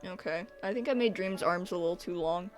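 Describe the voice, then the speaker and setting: A teenage art streamer chats casually with her livestream audience while drawing, giggling often and talking back to chat with playful sarcasm. Her voice is fairly low and a little fast, with soft background music.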